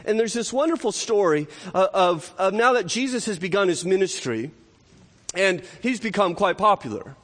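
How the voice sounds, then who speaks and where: A man's voice: sits high, expressive, moderate pace, a bit bright. A male pastor preaching a sermon in an earnest style, often restarting phrases and adding rhetorical asides. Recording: long hall reverb.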